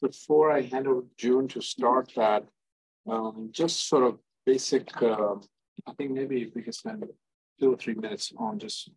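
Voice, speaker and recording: A man's voice: medium pitch, lively intonation, normal speed, breathy edge, poor audio. A man chairing a city commission meeting, hesitant with many fillers and restarts.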